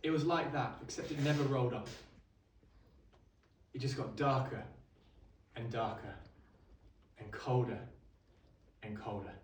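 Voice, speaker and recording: A man's voice: medium pitch, unhurried, pauses often, a little hiss or hum, natural voice. A man playing a middle-aged Roman centurion, telling his story in a wry, conversational monologue to a live audience. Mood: awed. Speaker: costumed actor at an exhibition. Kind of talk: first-person dramatic monologue to a live audience. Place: indoor exhibition hall. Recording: echoey hall, mic at a distance.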